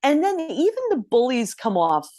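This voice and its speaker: Lively chatty female podcast co-host. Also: sits high, moderate pace. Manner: chatty, lots of "like" fillers. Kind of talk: casual chat.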